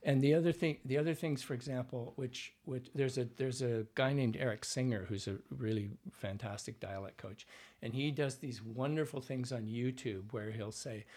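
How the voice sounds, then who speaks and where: A Canadian man, a dialect coach, telling animated anecdotes in a relaxed interview and acting out other people's voices. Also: medium pitch, normal speed, few pauses. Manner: animated anecdotes, acts out voices, frequent fillers. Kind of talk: conversational interview storytelling.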